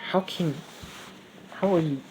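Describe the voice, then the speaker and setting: A man's voice: on the high side, unhurried, darkish tone, a little hiss or hum, pitched above the performer's own voice, natural voice, rough recording. A man voicing an exasperated, bossy young woman who reacts with disbelief, recorded on a phone. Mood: incredulous. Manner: incredulous, teasing.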